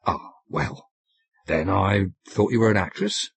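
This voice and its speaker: A man's voice: low voice, unhurried, creaky, husky, dry recording, heavily acted. A man voicing a simple, bluff young sailor who talks in fumbling, colloquial bursts in an audiobook. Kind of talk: audiobook character voice.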